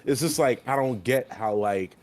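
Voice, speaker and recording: A man's voice: medium pitch, normal speed, darkish tone. A young man co-hosting a podcast in casual, profane chat, rambling and getting heated when riled up. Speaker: podcast co-host and streamer.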